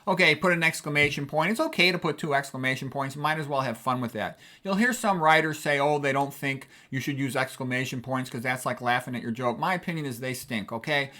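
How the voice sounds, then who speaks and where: A middle-aged man explains writing technique in a loose, conversational lecture. His voice is bright and forceful at an ordinary pitch, and he keeps checking in with his listeners. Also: brisk, hardly any pauses. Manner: conversational, chatty, punctuates with "okay". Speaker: writing teacher.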